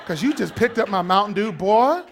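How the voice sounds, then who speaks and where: A man preaching a sermon, swinging between shouted, fiery passages and quiet asides, calling out to the congregation. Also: high voice, expressive, normal speed, slight background noise. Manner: calls out to the congregation.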